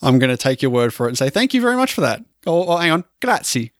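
A man's voice: on the high side, very animated, rapid-fire, no room sound, studio quality. A man co-hosting a movie podcast, joking and teasing his friend in casual chat. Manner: joking, playful banter. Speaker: podcast co-host.

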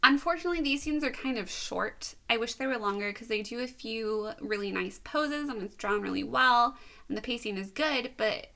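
Giggly, gravelly woman podcast co-host. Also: a little high, moderate pace. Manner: giggly, animated, rambling. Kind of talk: casual chat, retelling a comic.

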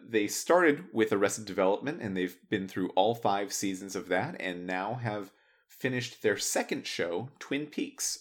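Lively, stuttery male podcast host. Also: lowish voice. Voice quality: praised radio voice. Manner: stuttery, laughs often. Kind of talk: casual podcast chat.

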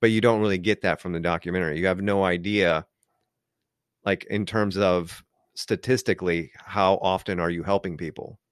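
A man's voice: deep voice, fairly even intonation, normal speed, smooth, no echo, studio quality. A man co-hosting a casual discussion, rambling and full of filler words. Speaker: podcast co-host.

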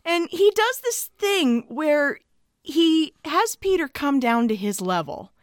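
Animated high-voiced woman podcast co-host. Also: slow pace, dry recording, clean studio sound. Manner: animated, laughing, emotional. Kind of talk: casual movie-discussion chat.

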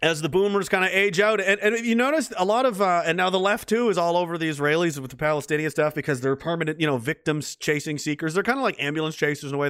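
A man's voice: a little high, fast, hardly any pauses, fairly bright tone, clear, resonant tone, dry recording, clean studio sound. A middle-aged man hosting a casual livestream, reading out chat messages and rambling in a profane, mocking way, with frequent laughs.

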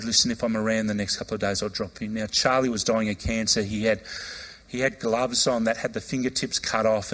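A man, a pastor preaching a sermon, telling a personal story and acting out the voices in it. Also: lowish voice. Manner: animated, acts out quoted voices, loud outbursts when retelling.

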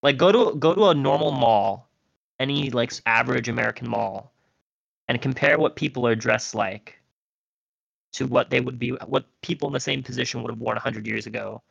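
A man's voice: medium pitch, brisk, vocal fry, no room sound. A young man calling in to a live show from his phone while driving, rambling, crude and opinionated. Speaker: caller. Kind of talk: casual call-in chat. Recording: dull glitchy call line.

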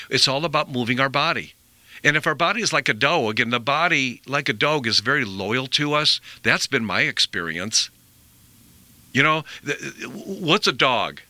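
Middle-aged male host, rambling and earnest health talk, very bright tone, dry close-mic studio sound. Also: medium pitch, no room sound. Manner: rambling, earnest, repeats himself. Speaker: radio show host.

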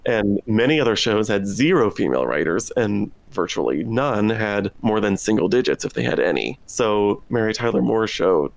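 A man's voice: on the low side, sing-song, moderate pace, gravelly, few pauses, dry recording. A man co-hosting a podcast, talking thoughtfully in a casual discussion with some dry sarcastic humor. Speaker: podcast co-host.

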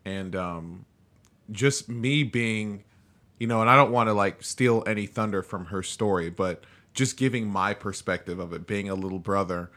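Man, 30s, podcast host, lowish pitch, bright tone, casual chat, filler phrases. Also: normal speed. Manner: loose, conversational, frequent filler phrases.

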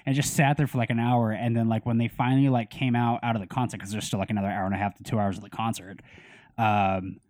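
A man's voice: on the low side, little pitch movement, quick pace, a little mellow, dry recording, clean studio sound. A young man telling a story in casual podcast chat, swearing freely and acting out the people he quotes.

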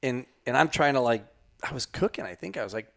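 A man's voice: medium pitch, animated, fast talker, gravelly, fairly bright tone. A man casually telling a long story on a podcast, rambling with lots of fillers and restarts. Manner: rambling, many fillers and restarts, laughs often. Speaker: hunting guide telling a story.

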